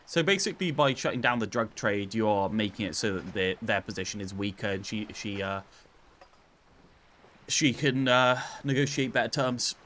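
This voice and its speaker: A man's voice: fairly low pitch, expressive, moderate pace, fairly bright tone, slight background noise. A man casually commentating a video game playthrough, chatty and wry, reading dialogue aloud. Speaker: gaming channel host.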